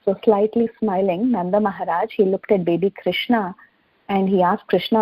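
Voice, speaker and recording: A woman telling a devotional story in a gentle, unhurried way, with frequent fillers. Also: mid-range voice, fairly even intonation, husky, no echo. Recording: dull dry recording.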